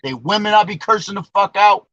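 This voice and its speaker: A man's voice: sits high, brisk, fairly bright tone, no room sound. A man preaching informally, reading scripture aloud between profane, slangy, emphatic remarks. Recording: dull lo-fi dry recording.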